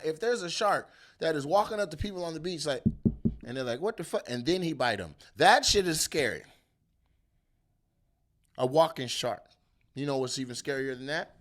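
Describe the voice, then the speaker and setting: Seorang pria sebagai komedian pembawa acara yang mengomentari berita dengan kasar, penuh umpatan, dan meledak-ledak dengan suara tiruan. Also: male voice, fairly high pitch, moderate pace, pauses often. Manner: animated, profane, jumps into loud bits and mock voices. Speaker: comedian host. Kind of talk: comedic rant on the news.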